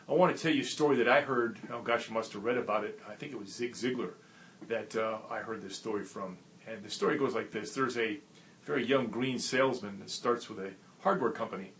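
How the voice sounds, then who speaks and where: A man of middle pitch talks straight to the camera as a folksy, animated storyteller. He gives earnest motivational advice and picks up speed when a story gets going. His voice is recorded on a tablet's built-in mic, with a faint hiss of room noise behind it. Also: gravelly. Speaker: network marketing trainer and show host. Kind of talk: casual to-camera video talk and storytelling.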